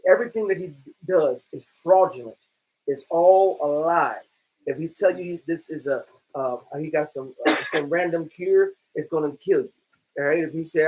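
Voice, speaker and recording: Husky man telling a rambling story. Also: fairly high pitch, moderate pace, a little mellow, low-quality recording. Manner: rambling, plainspoken, restarts often. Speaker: member of a religious brotherhood. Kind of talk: casual chat and scripture reading.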